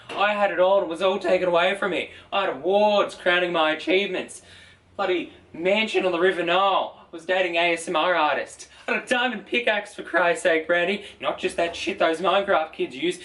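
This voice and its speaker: A man voicing a crude, washed-up former internet star who lives in a shed, speaking with an Australian accent and gruff, theatrical outbursts. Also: sits high, normal speed, a bit bright. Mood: melodramatic. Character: washed-up hermit ex-YouTuber man living in a shed.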